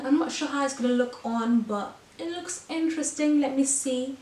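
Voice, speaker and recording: A woman's voice: sits high, fairly quick, a little mellow, a little hiss or hum. A woman vlogger trying on clothes and chatting casually, bubbly and giggly, a little out of breath. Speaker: fashion vlogger. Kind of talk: casual haul try-on chat. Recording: echoey room, voice from a distance.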